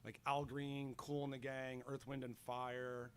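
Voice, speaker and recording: A middle-aged college teacher, a guest on a radio show, chatting casually and telling animated stories with many fillers. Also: male voice, mid-range voice, a little slow, a little hiss or hum. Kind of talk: casual radio interview chat.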